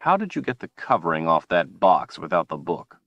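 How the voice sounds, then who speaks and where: A defiant young hero, as a man reads him in an audiobook, blunt and clipped, his low voice rising in anger. Dry, close recording with no room sound. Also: big pitch swings, moderate pace, gravelly, fairly bright tone, dry recording, muffled recording, heavily acted. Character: defiant young male woodsman hero, stubborn and angry. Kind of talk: audiobook character voice.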